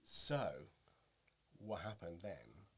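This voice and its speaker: A male impressionist chatting as a guest, animated and anecdotal, always ready to drop into a voice. His tone is bright and forward, and his pitch swings widely as he tells a story. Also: drawn-out words, husky. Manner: animated storytelling, jumps into voices, laughs often. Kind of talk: anecdotal interview chat.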